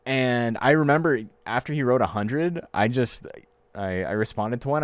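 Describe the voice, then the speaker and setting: A man's voice: mid-range voice, moderate pace, clear, resonant tone, no room sound. A man, chatting loosely and swearing casually while commentating a game tournament on a stream. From Canada. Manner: loose and profane, laughing often.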